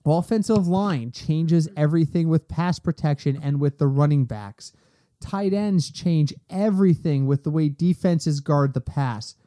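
Mellow-voiced man hosting a sports podcast. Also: fairly high pitch. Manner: animated, talks fast in bursts and rants. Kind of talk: casual sports chat.

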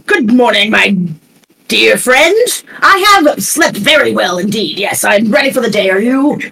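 A woman's voice: on the high side, animated, unhurried, gravelly, pushed and bright, exaggerated voice, low-quality recording. A woman playing a pompous, boastful male investigative reporter in a tabletop game, with a grandiose, theatrical delivery. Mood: grandly cheerful. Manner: grandiose, theatrical, self-important. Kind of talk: tabletop role-play.

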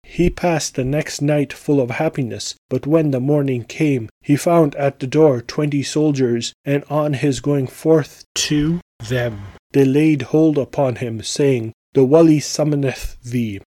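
A male podcast host reads an old tale aloud at a steady, measured pace. His voice is dark and mellow, and the recording is close and dry with no room sound. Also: mid-range voice, no echo.

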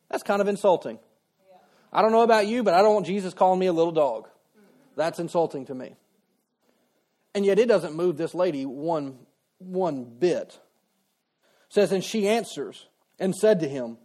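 A man's voice: high-pitched, animated, moderate pace, pauses often, mellow. Conversational male pastor preaching. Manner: conversational, acts out quoted voices. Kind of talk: sermon.

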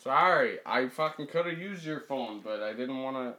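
A man co-hosting a casual podcast with quick jokes and short asides. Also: mid-range voice, lively intonation, pushed and bright. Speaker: podcast co-host.

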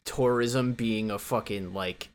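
A man's voice: on the low side, fairly even intonation, takes it slowly, clean tone. A man co-hosting a casual movie podcast, blunt and profane, retelling scenes with laughs. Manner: blunt, swears, laughs between lines. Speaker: podcast co-host.

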